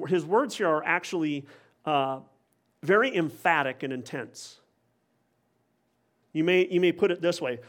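A man's voice: fairly high pitch, lively intonation, moderate pace, long pauses, fairly bright tone. A man preaching a sermon, explaining a passage in an earnest, expository way, with occasional wry asides.

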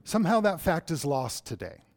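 A middle-aged man preaching a sermon, telling a personal story and swinging between loud emphasis and hushed, slow delivery. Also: fairly high pitch, sing-song.

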